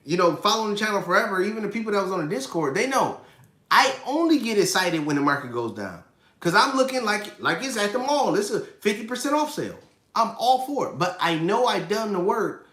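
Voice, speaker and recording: A man's voice: high voice, pushed and bright, echoey room. A man in his thirties hosting a casual live finance stream, talking emphatically, repeating his points and answering chat questions. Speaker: livestream host.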